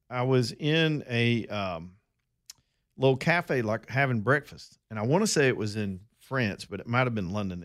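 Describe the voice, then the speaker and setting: Folksy Southern man hosting talk radio. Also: on the low side. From Alabama, US. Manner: folksy, rambling, addresses listeners as y'all. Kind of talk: storytelling talk radio monologue.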